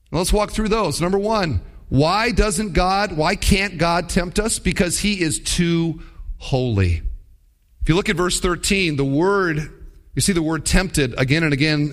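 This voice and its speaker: A man's voice: high-pitched, fairly bright tone. A man preaching a sermon, teaching in a conversational yet emphatic way with many rhetorical questions.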